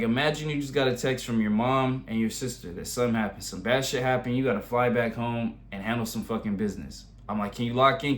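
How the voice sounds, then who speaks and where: A man's voice: medium pitch, fairly bright tone. A man in his twenties giving a casual motivational monologue in blunt, heavily profane slang, turning intense as he makes his points. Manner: rising, intense when making a point. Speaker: vlogger giving motivational advice.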